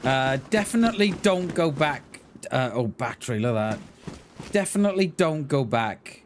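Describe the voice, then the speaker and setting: Guy streaming a game, laughs a lot, lively up-and-down voice, bit high, noisy mic. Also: normal speed. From Wales. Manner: chatty, laughs a lot, thanks viewers, jokey asides. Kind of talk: casual live-stream chat.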